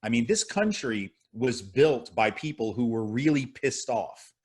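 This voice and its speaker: A man's voice: mid-range voice, sing-song, measured pace, darkish tone, slightly rough. A man in his fifties, a guest speaker answering audience questions in an impassioned, rhetorical way over a video call. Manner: impassioned, rhetorical, repeats "right?".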